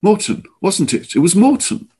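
A man's voice: high-pitched, big pitch swings, moderate pace, mellow, breathy edge, voice pushed up, heavily acted. A man voicing a proud, defiant young man, speaking with intense urgency. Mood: angry.

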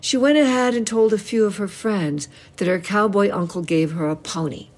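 A woman's voice: medium pitch, normal speed. Older woman reading her novel aloud. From United States. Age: 70s. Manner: expressive storytelling reading with voiced quotes.

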